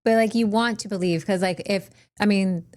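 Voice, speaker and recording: A woman's voice: medium pitch, fairly even intonation, moderate pace, a little mellow. A woman co-hosting a podcast in casual chat, agreeable and supportive, with many short replies. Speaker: podcast co-host.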